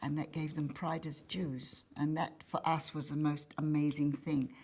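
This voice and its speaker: A woman, a lively storyteller who acts out the dialogue she quotes in an interview. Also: sits low, normal speed, slightly rough. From England. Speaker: interviewee, former activist. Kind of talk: recollecting interview answers.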